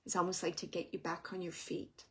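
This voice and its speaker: A woman giving a live spirit reading to an audience member, speaking gently and wandering through her impressions with soft asides. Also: fairly low pitch, flat delivery, brisk, slightly rough. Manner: gentle, meandering, relays messages with soft asides.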